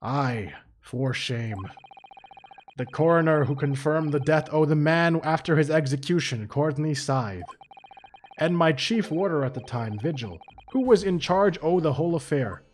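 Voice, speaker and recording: A man reading a defensive older male prison governor aloud from a game, in a halting put-on Scottish dialect. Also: fairly high pitch, lively intonation, voice pushed down. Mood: gruff.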